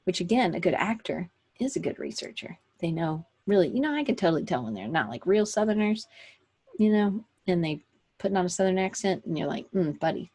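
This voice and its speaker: A woman's voice: on the low side, very animated, brisk, dark tone, husky. A woman hosting a weekly online session for creatives, chatting casually and rambling with fillers and self-corrections into a computer microphone. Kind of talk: casual live-stream talk.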